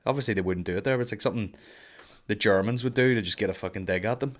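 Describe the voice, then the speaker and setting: A fairly low-voiced comedian rambles fast through a casual podcast monologue, swearing freely and piling on jokes. Now and then he jumps into loud, high mocking voices for bits, profane and jokey throughout.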